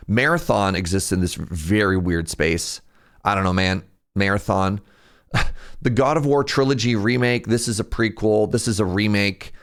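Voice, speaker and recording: A young man chatting casually on a live stream, rambling and jumping in pitch when something excites him. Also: normal speed. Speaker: streamer reacting to a game showcase.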